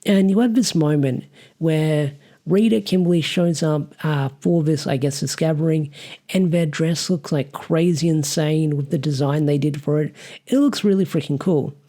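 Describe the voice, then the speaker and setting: Mellow Australian reviewer, rambling. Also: mid-range voice, normal speed. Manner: rambling, frequent "like" fillers. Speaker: comic reviewer. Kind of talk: casual spoken review.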